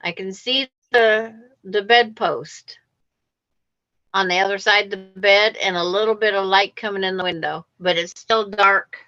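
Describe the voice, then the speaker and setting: A woman's voice: medium pitch, fairly even intonation, unhurried, sharp tone, dry recording. A woman hosting a casual video-call chat, giving running commentary on what she sees on screen. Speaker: livestream host. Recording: muffled, dry online call audio.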